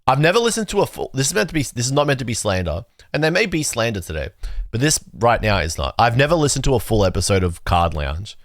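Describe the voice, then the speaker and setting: A man hosting a livestream, chatting casually with his viewers in a rambling, excitable way and swearing freely. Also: medium pitch, fast talker, no echo, studio quality. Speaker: livestream host. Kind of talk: casual chat reacting to chat.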